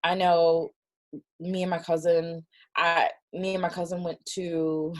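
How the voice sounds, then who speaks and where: A young woman co-hosting a podcast chats casually in a fairly low voice at a slightly slow pace, telling stories animatedly and acting out the quotes.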